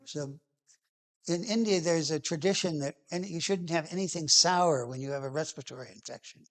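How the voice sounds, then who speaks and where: A man telling a personal memory behind a song, halting and restarting, with phrases that trail off softly. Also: a little high. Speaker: singer-songwriter telling a song's background. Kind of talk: personal reminiscence.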